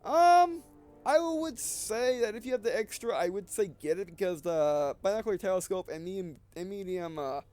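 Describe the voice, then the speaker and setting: A man's voice: sits high, lively intonation, moderate pace, a little mellow, faint music behind. A man giving casual, rambling gameplay commentary while short of breath, often restarting and correcting himself. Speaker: gaming video creator.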